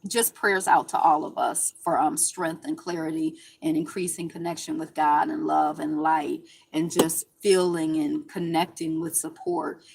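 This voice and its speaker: A woman's voice: sits low, creaky, a little mellow, slightly rough. Lady host reading headlines n riffing, chatty and sarcastic. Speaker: show host. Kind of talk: casual news commentary.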